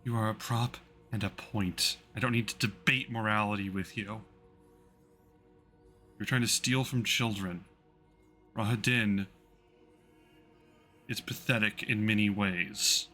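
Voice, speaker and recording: A man's voice: lowish voice, steady tone, unhurried, long pauses, bright, forceful tone, faint music behind. Anastrasya, a mocking vampire bride, as a man puts her on. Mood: contemptuous. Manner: mocking, imperious and taunting. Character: cruel haughty female vampire bride.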